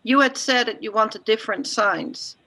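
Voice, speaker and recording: A woman leads a casual town commission discussion, her voice bright and pitched a little high. She talks in halting bursts, restarting her sentences as she goes. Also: low-quality recording. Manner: halting, many restarts, laughs at the topic.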